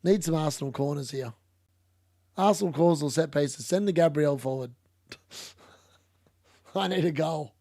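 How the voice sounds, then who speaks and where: A man's voice: a little high, measured pace, pauses often, mellow, no echo, studio quality. A young man streaming a live football watchalong, chatting casually, laughing and reading out chat. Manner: casual, chatty, laughs often, uses "mate".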